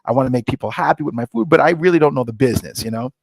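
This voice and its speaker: A middle-aged man, a guest on a podcast, telling his story in a lively way and acting out the dialogue. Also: mid-range voice, rapid-fire, vocal fry, slightly rough, no echo. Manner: lively storyteller, acts out dialogue with rising excitement. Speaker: scotch company founder, guest. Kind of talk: animated storytelling interview.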